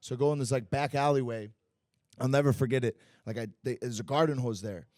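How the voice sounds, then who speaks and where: Telling stories at a quick pace, a Muay Thai fighter gives a casual podcast interview at a bar and grill in his mid-range male voice. His speech is animated, profane and full of fillers, captured with no echo and a clean studio sound.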